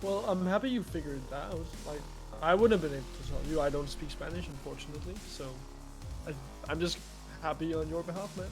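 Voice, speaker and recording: A man co-casting a game stream, reading chat aloud and gently teasing his partner. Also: on the high side, a little fast, music in the background. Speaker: esports co-caster. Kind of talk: casual stream commentary.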